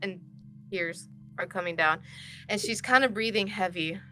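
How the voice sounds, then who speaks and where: A woman's voice: medium pitch, moderate pace, pushed and bright, soft background music. A woman narrating a tabletop role-playing game as game master, laughing often as she goes.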